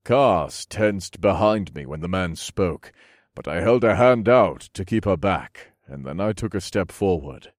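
A man narrating a first-person fantasy audiobook in a measured, steady storytelling manner. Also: low-pitched, no room sound, studio quality.

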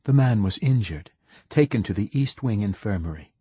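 A calm aide giving a briefing, as a man reads it. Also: on the low side, normal speed, husky, no echo. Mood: reporting. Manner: informative, quietly reporting.

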